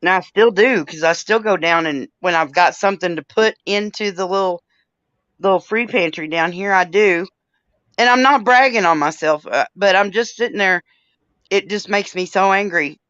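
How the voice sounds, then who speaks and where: A woman's voice: medium pitch, moderate pace, a bit bright, no room sound. A woman hosting a casual livestream chat, talking bluntly with plenty of swearing and easy laughter. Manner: blunt, profane, laughs easily. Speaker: livestream host. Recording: dull dry lo-fi stream audio.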